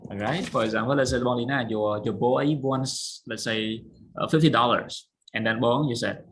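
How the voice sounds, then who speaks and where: A man's voice: medium pitch, normal speed, fairly bright tone, breathy edge, rough recording. A man with a Cambodian accent teaching an online English lesson, patiently drilling pronunciation and checking that students understand. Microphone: video call.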